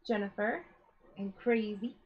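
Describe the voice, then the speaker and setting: A woman's voice: medium pitch, unhurried, dull audio, a little hiss or hum. A woman hosting a yarn-dyeing live stream, chatting casually, greeting viewers one by one and a little out of breath. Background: a dog whining now and then.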